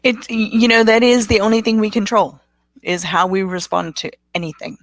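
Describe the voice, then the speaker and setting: A woman from South Africa, whose first language is not English, speaking as a guest therapist on a video call, relaxed and full of fillers. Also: medium pitch, moderate pace, no echo. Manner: relaxed, with frequent fillers and restarts. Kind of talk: casual interview chat.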